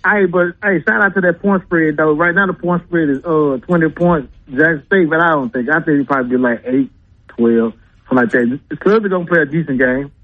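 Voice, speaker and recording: A male football fan calls in to a radio show and rambles about the game, stumbling over repeated words. His voice sits a little high. It comes through a thin, tinny phone line. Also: a little fast. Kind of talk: casual call-in chat.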